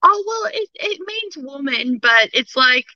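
A woman's voice: high-pitched, big pitch swings, unhurried, bright, forceful tone, dry recording, dull audio. An Australian woman from Melbourne, a guest talking in a frank, chatty way and laughing easily. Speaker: actor and guest. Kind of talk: casual interview chat.

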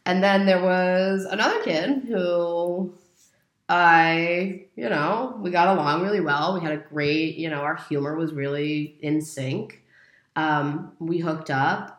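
A young woman in her twenties talks through a personal story in a candid, chatty way, her voice sitting low. The room around her is echoey and open. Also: slow. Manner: candid and chatty, leans on "like" and "you know". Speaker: guest telling a personal story. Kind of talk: casual chat. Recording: roomy echo.

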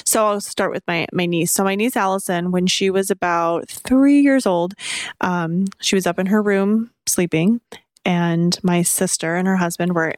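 A young woman recounts a spooky family story in a relaxed podcast chat. She talks fast and loose, full of "like", and jumps into little acted-out quotes. The sound is dry and close. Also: on the low side, no room sound. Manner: animated, acts out quotes with lots of "like". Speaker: podcast co-host.

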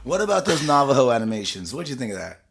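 A man's voice: mid-range voice, very animated, quick pace, vocal fry, slight background noise. A man co-hosting a podcast, chatting casually about a movie, blunt and critical, cracking jokes. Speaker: podcast co-host. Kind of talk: casual movie-review chat.

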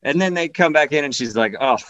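A man doing a stand-up set, his voice bright and ringing. He swings his pitch widely as he tells his story, acting out each character's lines. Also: expressive, fast talker, dry recording, dull audio. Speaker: stand-up comedian.

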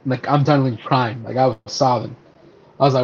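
A man's voice: mid-range voice, steady tone, a little fast, breathy edge. A man co-hosting a casual podcast, talking animatedly about favorite movie scenes, laughing easily and swearing casually. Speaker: podcast co-host. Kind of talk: casual podcast chat about superhero films. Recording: slightly dull lo-fi audio.

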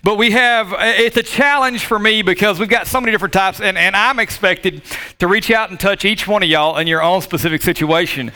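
A man's voice: sits high, fairly quick, pushed and bright, smooth. A man preaching a sermon as pastor to his church, joking and talking straight to the congregation. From Southern United States. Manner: joking, talks to the congregation directly. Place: church sanctuary with live audience.

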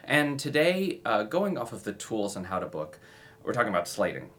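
A man giving acting advice in a relaxed, conversational way, sometimes acting out sample introductions. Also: fairly low pitch, moderate pace. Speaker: acting coach. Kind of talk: casual instructional talk to camera.

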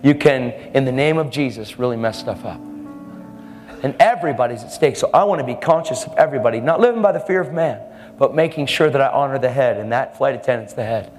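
A man's voice: medium pitch, fast talker, darkish tone, faint music behind. A man preaching a sermon, telling a testimony story in a fervent, emphatic way. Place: church service hall. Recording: reverberant hall.

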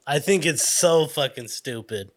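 A man's voice: a little high, expressive, unhurried, no room sound, clean studio sound. A man hosting a podcast in casual chat, rambling and self-conscious, laughing and swearing. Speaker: podcast host.

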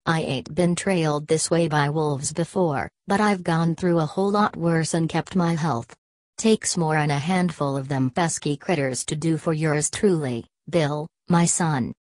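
A woman's voice: low voice, a little slow, darkish tone, no room sound. A woman reading a dry, teasing frontier trapper man. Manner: backwoods dialect, dry teasing. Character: gruff male frontier trapper, steady and joking.

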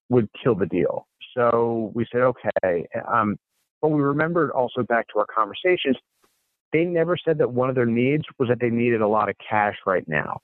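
A man's voice: mid-range voice, no room sound. A man, a real estate investor appearing as a guest, telling a deal story in conversational style and quoting the people involved. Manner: recounts dialogue in quoted snippets, frequent restarts. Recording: phone-like narrow sound, dry.

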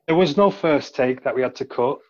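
A man's voice: mid-range voice, fairly quick, a little mellow, dull audio. A man co-hosting a podcast, teasing and rambling in casual chat. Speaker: podcast co-host.

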